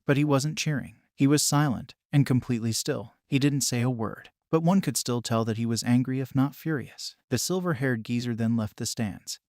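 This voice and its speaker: A man doing scripted story narration, reading in an even, measured way. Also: medium pitch, no echo, clean studio sound.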